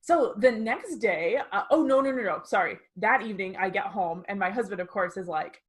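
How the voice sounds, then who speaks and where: A woman in her twenties co-hosting a podcast, telling a personal story in a casual, animated way, laughing often and acting out what people said. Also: mid-range voice, brisk, breathy edge. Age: 20s. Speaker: podcast co-host.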